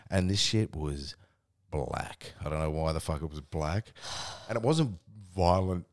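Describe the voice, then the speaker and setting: A man's voice: rumbling low, lively intonation, a little slow. A young Australian man telling a rambling, sweary story on a casual podcast, laughing as he goes. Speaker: podcast co-host.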